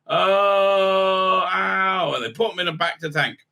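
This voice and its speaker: A man gives a loose, rambling recap of a show. His voice is very bright and sits a little high for a man. He stumbles through strings of fillers and keeps a mocking, irreverent edge. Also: expressive, very fast. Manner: hesitant, heavy on fillers, irreverent. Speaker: video reviewer.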